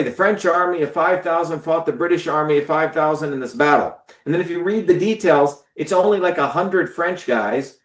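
Guy with a higher voice ranting hard, swears a lot, lecturing, roomy echo. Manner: blunt, profane, emphatic, lecturing. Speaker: host of a live call-in stream. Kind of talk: impassioned political monologue.

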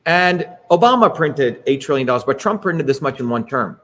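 A man's voice: mid-range voice, expressive, normal speed, a bit bright. A man presenting to an audience in a rambling, emphatic way, full of digressions and tag questions. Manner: emphatic, digressive, keeps asking "right?" and inserting "by the way". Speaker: presenter leading an online talk.

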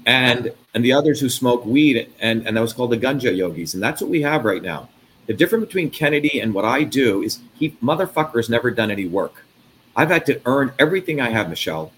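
A man's voice: mid-range voice, lively intonation, fast, fairly bright tone, a little hiss or hum. A man hosting an interview from India, ranting angrily and emphatically with lots of swearing. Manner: profane, angry, emphatic ranting. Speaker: host. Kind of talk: heated interview talk.

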